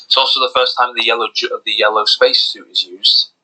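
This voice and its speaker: A man's voice: medium pitch, steady tone, a little fast, bright, forceful tone, slightly rough, low-quality recording. A young man co-hosting a casual podcast, talking enthusiastically and rambling with lots of fillers. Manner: enthusiastic, rambling, lots of fillers like "do you know what I mean". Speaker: podcast co-host.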